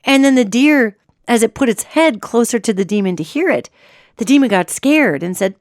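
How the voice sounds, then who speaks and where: A middle-aged woman hosting a radio show, telling a story in a chatty, animated way with restarts. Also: fairly high pitch, moderate pace, no room sound, studio quality. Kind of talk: casual storytelling monologue.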